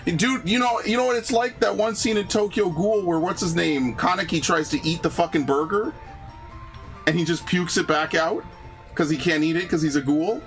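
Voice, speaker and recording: A man's voice: sits high, normal speed, soft background music. A young man hosting a gaming channel, chatting casually and ranting with lots of swearing and "bro.". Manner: animated ranting, profane, frequent "bro" and "dude". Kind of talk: casual chat over gameplay.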